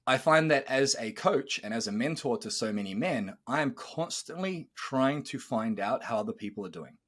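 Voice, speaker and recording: A man's voice: medium pitch, normal speed. A man in his thirties hosting a podcast as a coach, telling stories animatedly and acting out quoted dialogue. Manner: animated storyteller, acts out quoted dialogue, swears. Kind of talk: casual podcast chat.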